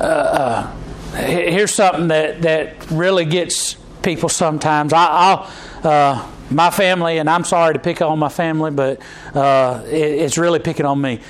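A man's voice: a little high, slight background noise, rough recording. A man, preaching a sermon in a conversational way with frequent restarts and fillers. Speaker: pastor.

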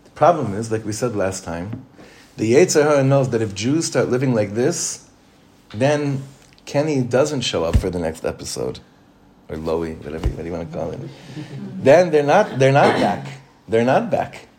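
A man's voice: fairly low pitch, animated, normal speed, darkish tone, slight background noise. A man teaching an informal Torah class as a rabbi. He talks conversationally, repeats phrases for emphasis and chuckles often.

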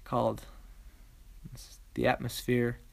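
Very deep-voiced woman, dry sound. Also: completely flat delivery, vocal fry, dry recording. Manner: measured, explains at length. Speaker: podcast co-host. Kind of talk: casual chat.

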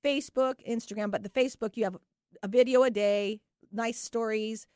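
A woman's voice: fairly high pitch, steady tone, moderate pace, darkish tone, smooth, no echo, clean studio sound. A woman hosting a radio talk show, chatting with enthusiasm and laughing often. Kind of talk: casual radio chat.

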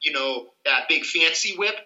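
A man explains legal rights on a podcast with earnest energy, acting out little scenes as he goes. His voice is very bright and sits a little high. The room around him rings with echo. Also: expressive, moderate pace, muffled recording. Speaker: civil rights attorney, guest.

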